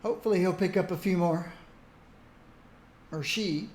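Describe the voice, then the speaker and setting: A man's voice: high-pitched, normal speed, darkish tone, reverberant. A man chatting casually while streaming a game, rambling and laughing often. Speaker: gaming streamer. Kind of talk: casual gameplay commentary.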